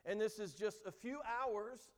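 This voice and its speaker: A man's voice: sits high, a little slow. A man preaching a sermon as pastor, earnest and emphatic, recorded in a church. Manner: earnest preaching, acts out quoted lines with rising emphasis. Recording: long hall reverb.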